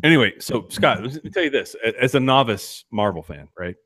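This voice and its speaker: A man's voice: mid-range voice, expressive, brisk, a bit bright, dry recording, studio quality. A man co-hosting a podcast, chatting casually and rambling with self-deprecating asides. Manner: rambling, self-deprecating, many restarts and fillers. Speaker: podcast co-host. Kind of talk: casual chat.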